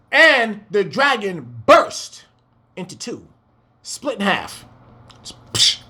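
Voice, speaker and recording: Impassioned man preaching a scripture breakdown, animated and swinging in pitch, with rhetorical questions. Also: slow, pauses often, slightly rough. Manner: fiery, exclaiming, rhetorical questions, swearing.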